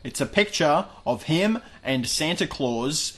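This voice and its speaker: A man's voice: on the high side, lively intonation, slow, a bit bright, husky. A young man co-hosting a podcast, casually retelling a TV episode in a dry, emphatic way. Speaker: podcast co-host.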